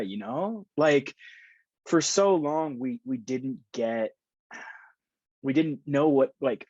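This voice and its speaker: A man's voice: medium pitch, a little mellow, dry recording, highs cut off. A man appearing as a podcast guest, talking in a rambling, heartfelt way with many fillers. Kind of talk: casual podcast chat.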